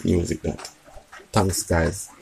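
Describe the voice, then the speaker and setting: Soft-spoken man, gravelly low voice. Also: level tone, slow, a little hiss or hum. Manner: talks quietly, keeping his voice down. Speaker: vlogger. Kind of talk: casual chat to camera. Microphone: phone.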